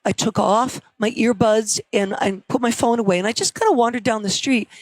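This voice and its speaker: A woman professor telling stories in a conversational interview, lively when quoting others. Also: fairly high pitch, fairly quick, no echo, rough recording. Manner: storytelling, animated quotes. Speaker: professor and guest.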